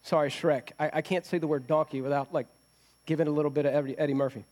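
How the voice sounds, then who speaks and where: Man, pastor, sermon, conversational, rhetorical questions, high-pitched. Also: fairly even intonation, fast talker, a little mellow.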